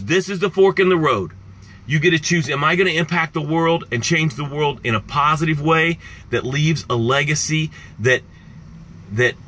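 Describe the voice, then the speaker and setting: A man speaking as a success coach, with a bright, forceful tone and a slightly high voice. He talks with passion and speaks straight to his viewers, driving his points home again and again. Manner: impassioned, repetitive, addresses viewers directly. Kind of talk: motivational live-stream talk.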